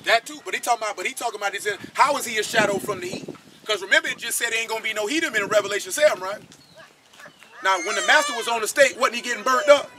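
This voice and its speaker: A man's voice: sits high, rapid-fire, background noise. A man teaching scripture in an informal, blunt, slangy way, firing off rhetorical questions. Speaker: Bible teacher.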